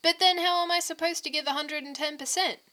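Woman doing hyper teasing young dude, begging and pushy, bright voice. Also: high voice, steady tone, fairly quick, pitched above the performer's own voice. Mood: playful. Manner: eager, teasing, wheedling. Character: excitable young man, pushy and playful.

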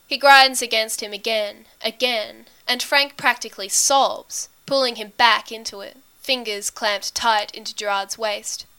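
A woman reads a story aloud in a steady, intimate way. Her voice is bright and crisp, sitting a little high, and very smooth. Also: measured pace, hardly any pauses. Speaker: reader. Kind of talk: audiobook story narration.

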